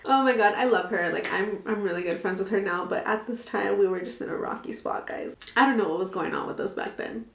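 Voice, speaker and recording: A woman in her twenties telling a dramatic storytime vlog, animated and full of swearing. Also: medium pitch, fairly quick, creaky, hardly any pauses. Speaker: vlogger. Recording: echoey room.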